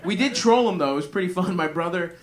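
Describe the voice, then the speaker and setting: A man's voice: sits high, lively intonation, fast talker. A male stand-up comedian doing crude, rambling crowd work and laughing through his own jokes. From Greek family. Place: comedy club with audience. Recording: live club recording with crowd.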